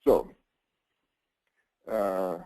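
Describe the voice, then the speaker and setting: A man talks through a webinar lesson in a loose, conversational way, stumbling over restarts and "you know"s. His voice is mellow and relaxed, close and dry on the mic with no room sound. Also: sits low, extremely slow, no room sound, rough recording. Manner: conversational, many fillers and restarts. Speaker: webinar presenter on insurance planning. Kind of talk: informal webinar lecture.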